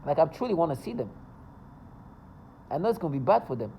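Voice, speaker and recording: A man's voice: fairly high pitch, very animated, fast talker, muffled recording, a little hiss or hum. A man talking to camera in a casual, rambling monologue, agitated and full of stumbles and restarts. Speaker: vlogger.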